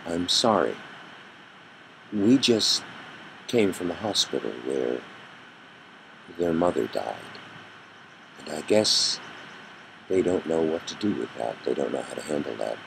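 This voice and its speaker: A man voicing a grieving young father, speaking softly and haltingly. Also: a bass voice, sing-song, creaky, a little hiss or hum, pitched below the performer's own voice, full character voice, low-quality recording. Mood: stunned grief. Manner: soft, halting, subdued. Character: grieving young widowed father, dazed and hushed.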